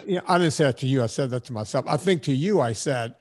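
He speaks quickly with lively intonation, his medium-pitched voice a little mellow. A man in his fifties hosting a podcast, he rambles casually through stories and performs the voices of the people he quotes.

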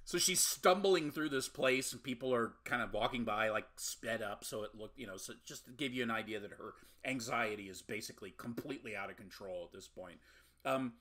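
Husky bright-toned man, podcast co-host. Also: medium pitch, a little fast. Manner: loose, rambling, with fillers and wry jokes. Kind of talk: casual movie recap chat.

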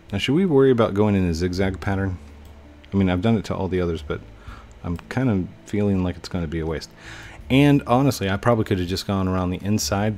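A young man giving casual gameplay commentary, chatting to himself with sudden excited outbursts. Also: sits low. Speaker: gaming YouTuber.

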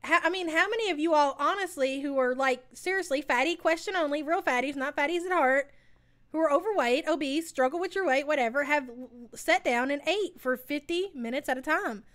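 A woman's voice: sits high, brisk, a bit bright. A woman co-hosting a reaction show, giving blunt, crude, profanity-laced commentary. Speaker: co-host of a reaction channel.

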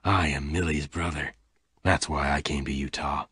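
A man voicing Lassiter, a gruff older gunman, speaking low, quiet and gentle. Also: steady tone, normal speed, no echo, clean studio sound, exaggerated voice. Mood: grave.

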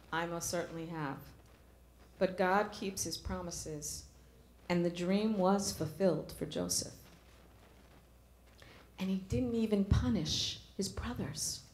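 A woman's voice: on the low side, reverberant. A middle-aged woman preaching a sermon in a church, earnest, asking the congregation questions.

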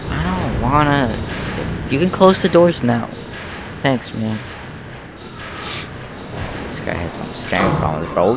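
A man giving let's play commentary, blurting out excited reactions as he plays. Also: mid-range voice, slow pace, gravelly, pauses often, noisy background. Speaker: gamer.

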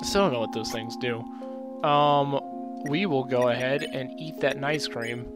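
A man giving casual gameplay commentary, reacting excitably, cursing often and reading on-screen game text aloud. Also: medium pitch, measured pace. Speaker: let's play gamer. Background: game music.

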